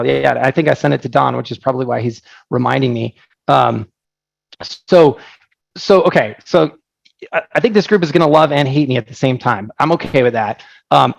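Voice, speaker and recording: A man presenting his software on a live webinar, energetic and joking, telling stories with lots of asides. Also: medium pitch, creaky, dry recording, low-quality recording. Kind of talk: casual live product presentation.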